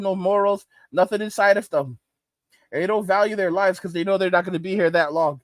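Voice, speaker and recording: High-voiced ranting man. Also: dry recording. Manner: ranting, repetitive, emphatic. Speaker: commentary channel host. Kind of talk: reaction commentary.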